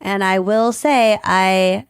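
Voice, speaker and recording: A woman's voice: medium pitch, fairly even intonation, slow, smooth, no room sound. Chatty Midwestern podcast woman, dry sound. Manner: chatty, enthusiastic, laughs often. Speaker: podcast co-host. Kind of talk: casual chat.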